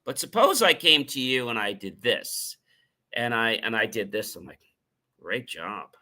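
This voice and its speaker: A middle-aged man hosting a motivational talk show, energetic, often repeating phrases for emphasis and acting out example tones of voice. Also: mid-range voice, moderate pace. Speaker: show host.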